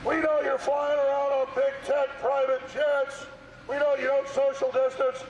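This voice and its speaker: A man shouting accusations at a street protest outdoors, recorded from a distance. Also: extremely high pitch, monotone, normal speed, echoey room, noisy background.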